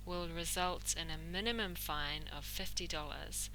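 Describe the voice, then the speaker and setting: A woman with a New Zealand accent gives a relaxed English lesson. She explains idioms and models pronunciation clearly, with a slightly low voice. The recording is roomy, with a faint hiss behind it. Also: measured pace. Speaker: English teacher and host.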